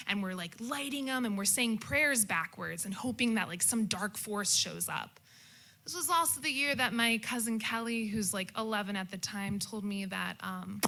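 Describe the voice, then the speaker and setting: On the high side in pitch, a young woman animatedly shares a humorous personal anecdote about a holiday with family, belting out what her relatives said.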